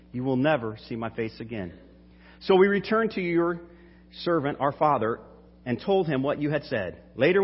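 A man's voice: a little high, husky, voice pushed up. A man reading aloud as a humble older brother begging a ruler for mercy, in an earnest, imploring manner. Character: pleading grown male brother, humble and desperate. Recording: dull hall reverb.

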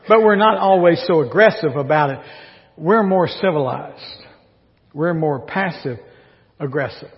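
A man's voice: fairly high pitch, lively intonation, a little slow. A male pastor preaching a sermon in a wry, joking way, full of rhetorical questions. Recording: dull recording with long hall reverb.

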